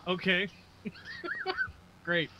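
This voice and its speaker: A man's voice: sits high, level tone, extremely slow, muffled recording, background noise. A man playing a tabletop game, hesitant and filler-heavy as he thinks aloud. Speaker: player. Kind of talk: casual tabletop play.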